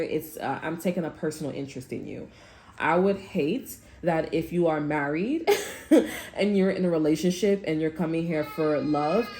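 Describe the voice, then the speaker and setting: A woman giving a casual tarot reading straight to camera, blunt and freely profane. Her voice sits a little low and sounds mellow and warm. She keeps checking in with her listeners as she talks. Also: a little hiss or hum. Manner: blunt and profane, often adds "okay?". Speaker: tarot reader.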